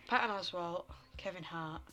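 A woman's voice: on the low side, moderate pace, bright, forceful tone. A woman co-hosting a podcast, chatting about films in a playful, joking way. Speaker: podcast co-host. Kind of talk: casual film chat.

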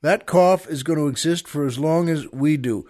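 A man's voice: a little high, normal speed, dark tone. Chuckling older man telling a rambling story. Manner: rambling, self-amused, laughs through his own anecdote. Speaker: podcast host. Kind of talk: casual storytelling monologue.

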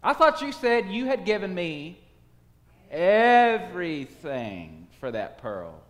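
A man voicing a calm, shrewd trader who speaks softly and politely. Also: high voice, pitched above the performer's own voice, heavily acted. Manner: soft-spoken, polite and measured. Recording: long hall reverb.

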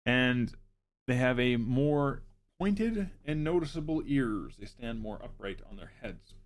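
A man hosting a streamed show, reading facts from his notes at a medium pitch. He breaks off into dry, joking asides before going back to the material, speaking close to his mic. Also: animated, unhurried. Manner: wry, joking asides between read facts. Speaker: show host.

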